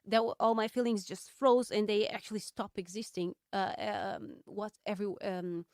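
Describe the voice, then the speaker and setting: A woman hosting a solo podcast, reflecting candidly and thoughtfully, with frequent ums and pauses. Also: medium pitch, fairly even intonation, a little mellow, no echo, clean studio sound. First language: Portuguese. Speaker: podcast host.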